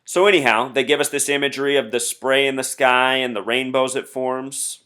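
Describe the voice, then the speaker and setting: A man's voice: medium pitch, steady tone, moderate pace, sharp tone, clean tone. A man hosting a solo commentary video, earnestly explaining number codes and reading out quotes. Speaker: conspiracy video host.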